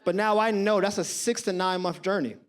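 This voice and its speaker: Fairly quick and high-pitched, a man in his thirties performs stand-up comedy. He addresses the crowd directly and conversationally while animatedly playing out the voices of people from his stories.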